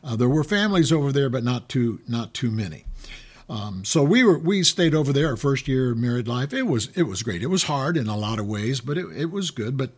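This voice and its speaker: A man's voice: medium pitch, expressive, brisk, breathy edge. A middle-aged man preaching a sermon in a conversational way, with frequent restarts and questions to the listeners. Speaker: pastor.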